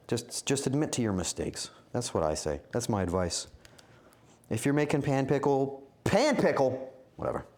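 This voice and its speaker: A man's voice: on the low side, a little mellow. A man streaming himself cooking in a home kitchen, chatting to his viewers in a rambling, self-mocking way with bursts of mock outrage. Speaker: streamer cooking live for chat. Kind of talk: rambling live-stream chat while cooking.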